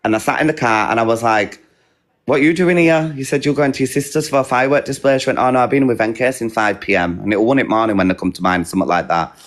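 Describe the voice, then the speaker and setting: A man's voice: on the low side, rapid-fire, few pauses. A man hosting a live stream, bluntly recounting a dispute and quoting others as he goes. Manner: blunt, recounting quotes in a rush. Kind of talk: heated casual storytelling.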